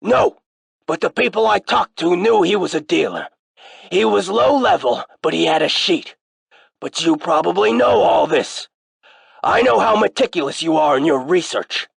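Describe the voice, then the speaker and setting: A man voicing an older male colonel who speaks in a guarded, matter-of-fact way, with a gravelly, husky voice, as an audiobook character. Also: high-pitched, expressive, moderate pace, no room sound, voice pushed up, heavily acted.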